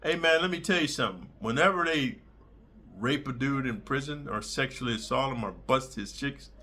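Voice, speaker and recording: A man hosting his channel, telling crude prison stories in a blunt, streetwise, animated way full of slang. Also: medium pitch, normal speed. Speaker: channel host. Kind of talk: crude prison storytelling monologue.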